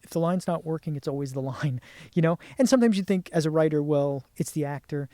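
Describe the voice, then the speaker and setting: Fast-talking New York playwright. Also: male voice, fairly high pitch, no echo. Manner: animated, quick and emphatic. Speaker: playwright guest. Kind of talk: casual chat.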